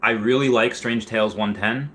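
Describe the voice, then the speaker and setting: A man's voice: lowish voice, fairly even intonation, moderate pace, fairly bright tone. A man hosting a casual live stream, reading chat questions aloud and rambling through answers with frequent restarts.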